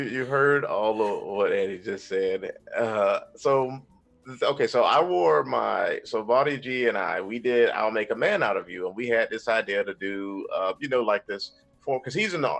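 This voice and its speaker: A man, an Army veteran, talking as a guest on a live stream, telling a story in a rambling, relaxed way. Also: fairly low pitch, a little slow, vocal fry, faint music behind. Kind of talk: livestream interview chat.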